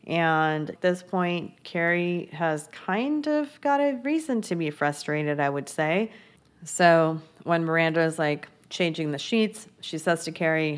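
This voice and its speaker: A woman's voice: low-pitched, lively intonation, measured pace, smooth. A young woman casually recapping a TV episode, chatty and gossipy, with lots of filler words. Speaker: TV recap host.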